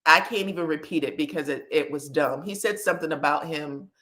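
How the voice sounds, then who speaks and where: A woman hosting a reality TV recap, telling the story in an animated, sassy and profane way. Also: deep voice, a little fast. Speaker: host.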